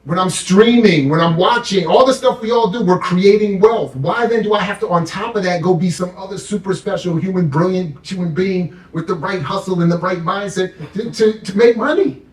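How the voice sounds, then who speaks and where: A fired-up, sarcastic man talking politics with a fairly high voice. He sits off the mic, so his voice rings in a roomy space. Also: moderate pace, hardly any pauses, recorded from a distance. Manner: fired-up, sarcastic, mocks the powerful in put-on voices. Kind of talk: impassioned political talk.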